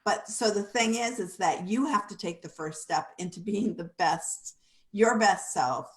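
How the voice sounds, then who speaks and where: A woman's voice: mid-range voice, unhurried, rough recording. A woman co-hosting a radio talk show, speaking in a reflective, encouraging way. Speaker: radio co-host. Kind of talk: casual chat.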